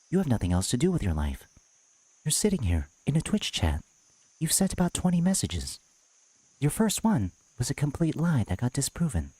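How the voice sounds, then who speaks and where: A streamer doing a sarcastic, condescending impression of another creator, taunting a viewer in chat. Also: male voice, medium pitch, mellow, husky, no echo.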